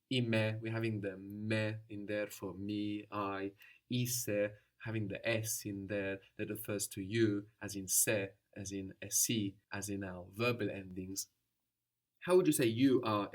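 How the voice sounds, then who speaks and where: A man's voice: lowish voice, a little mellow. Patient male language teacher. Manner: patient, explaining and prompting the student. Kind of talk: guided language lesson.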